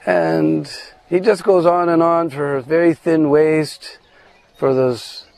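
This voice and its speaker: A man telling a devotional story, animated, with many asides and fillers. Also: a little high, slow pace, no room sound, rough recording. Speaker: spiritual storyteller.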